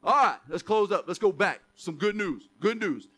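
A man's voice: sits high, lively intonation, moderate pace, hardly any pauses, sharp tone. A man preaching a sermon to a congregation, emphatic, often asking rhetorical questions. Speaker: pastor.

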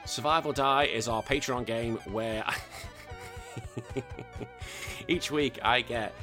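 A man's voice: medium pitch, slow pace, over music. A man hosting a podcast in casual chat, joking, swearing and laughing as he reads listener messages. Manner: swearing, jokey, laughs often. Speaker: podcast host.

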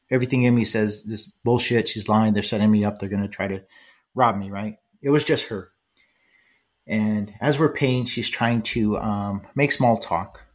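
An older man hosting a solo podcast, talking casually and rambling, often checking in with "right?" and lots of fillers. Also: fairly low pitch. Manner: conversational, rambling with frequent "right?" tags and fillers. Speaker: podcast host.

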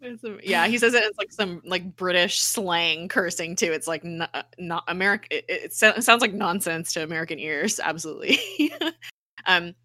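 A woman's voice: lowish voice, moderate pace, no echo, clean studio sound. A woman co-hosting a podcast, animatedly retelling a TV episode in casual chat, full of fillers like "um" and "like". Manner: animated storytelling with many fillers. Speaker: podcast co-host.

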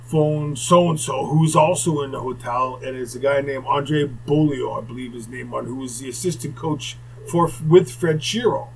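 An older former hockey player telling rambling anecdotes in casual conversation, with asides. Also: male voice, mid-range voice, normal speed, creaky, hardly any pauses, a little hiss or hum, low-quality recording. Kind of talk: casual storytelling.

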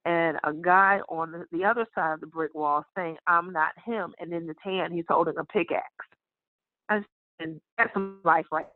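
A woman speaking as a podcast guest in a frank, blunt and wry way, now and then clearing her throat. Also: on the low side, steady tone, normal speed, dry recording, soft background music. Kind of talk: candid conversation. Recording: tinny phone-line audio.

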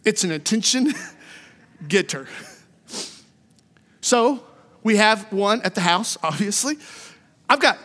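A middle-aged man preaching a sermon, animated in his storytelling and repeating his phrases. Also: high-pitched, takes it slowly, long pauses. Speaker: pastor. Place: church sanctuary. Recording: long reverb of a church hall.

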